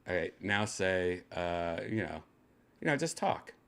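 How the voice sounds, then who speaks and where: A man's voice: sits low, big pitch swings, unhurried, fairly bright tone, clean tone. An older man hosting a casual show from his home, rambling and joking crudely. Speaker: host. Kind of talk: casual chat. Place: second-floor home room.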